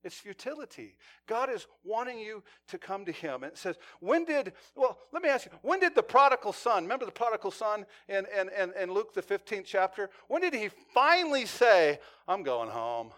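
A man preaching a sermon, telling stories in an earnest way, sometimes hushed and sometimes intense. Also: high voice, sing-song, a little fast, hardly any pauses. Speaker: pastor.

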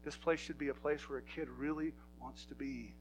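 A man's voice: medium pitch, steady tone, moderate pace, dull audio, slight background noise. A man preaching a sermon in a church, talking to his congregation in an emphatic, conversational way. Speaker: pastor.

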